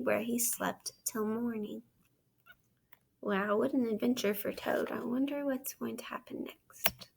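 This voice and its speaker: High, gravelly-voiced woman teacher reading aloud. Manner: measured storytelling, asks the listener questions. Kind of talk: read-aloud lesson narration.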